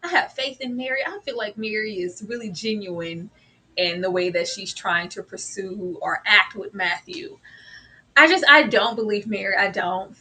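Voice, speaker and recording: A woman co-hosting a TV review show in casual chat, animated and laughing as she acts out characters' lines. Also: medium pitch, moderate pace, slightly rough.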